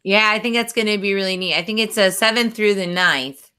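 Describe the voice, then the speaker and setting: A woman's voice: medium pitch, a little fast, sharp tone, clear, resonant tone. A woman hosting a casual chat show, upbeat and chatty, with lots of fillers. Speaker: podcast host.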